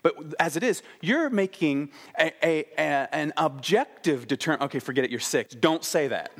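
Animated man preaching a sermon. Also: a little high, normal speed. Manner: animated storytelling with playful inflection. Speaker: pastor.

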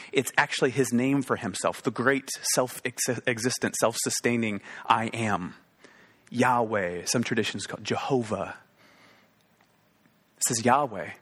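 A man's voice: mid-range voice, a bit bright. A man preaching a sermon, earnest and emphatic, repeating phrases for stress. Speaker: pastor.

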